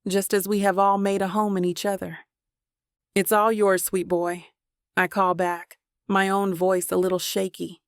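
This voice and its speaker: Gravelly woman narrating a romance audiobook. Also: mid-range voice, no echo, clean studio sound.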